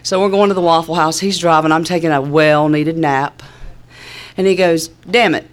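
Her voice sits low, with fairly even intonation and a moderate pace. This Southern woman tells her recovery story in a relaxed, dryly humorous drawl, sprinkled with lots of fillers.

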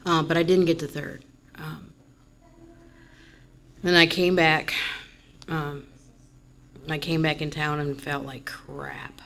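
A woman's voice: low voice, level tone, slow pace, long pauses, slight background noise. A woman giving a candid, rambling personal testimony at a recovery meeting. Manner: candid, rambling, rising to loud frustration in retold moments. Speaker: member sharing at a recovery meeting.

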